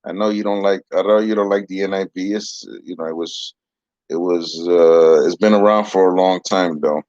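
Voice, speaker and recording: A very deep-voiced man leads a casual Bible lesson in a patient, soothing, rambling way. His voice is dry and close. The recording is dull and lo-fi. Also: fairly even intonation, moderate pace, darkish tone, no room sound. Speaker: Bible teacher with a puppet.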